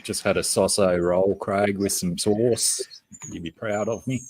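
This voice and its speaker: Deep-voiced Australian man chatting. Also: steady tone, a little slow, darkish tone, rough recording. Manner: chatty, greets chat viewers by name. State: has a headache. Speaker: livestream host. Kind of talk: casual livestream chat.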